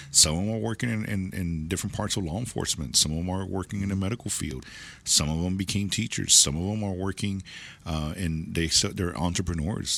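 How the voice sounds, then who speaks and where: A man's voice: sits low, gravelly, bright, forceful tone. A man, a dealership manager chatting as a guest in an interview, rambling with many restarts and fillers. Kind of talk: casual interview chat.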